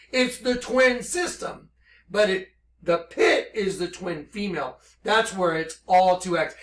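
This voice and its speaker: Intense high-voiced man preaching. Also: reverberant. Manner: intense and excitable, slow emphatic scripture reading then rapid storytelling. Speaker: religious speaker. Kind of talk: impassioned religious monologue.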